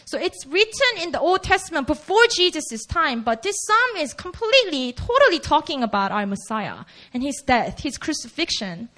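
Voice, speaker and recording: A woman's voice: high voice, very animated, normal speed, hardly any pauses, fairly bright tone. A woman preaching a sermon in a casual, conversational way, acting out the quoted lines.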